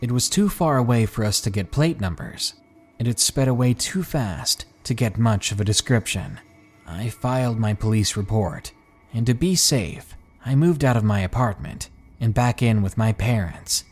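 A man narrating a scary story in a calm, measured, ominous way, then signing off as the channel host. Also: mid-range voice. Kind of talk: scripted narration of a horror story. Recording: faint background music.

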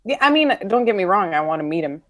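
A woman's voice: medium pitch, sing-song, fast talker, fairly bright tone, no room sound. A woman co-hosting a podcast in casual chat, dry and teasing. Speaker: podcast co-host.

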